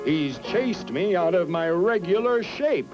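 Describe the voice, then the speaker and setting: A man voicing a tired, proud old male kangaroo in a storybook reading, complaining slowly and wearily. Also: high voice, lively intonation, over music, pitched above the performer's own voice. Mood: weary, aggrieved. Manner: slow, weary complaining.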